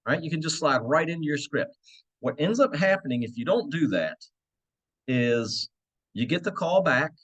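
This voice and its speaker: A real estate agent coaches listeners through cold-calling habits in an instructional walkthrough. His voice is fairly high and bright, animated, and moderately paced, and he keeps checking in with "right?"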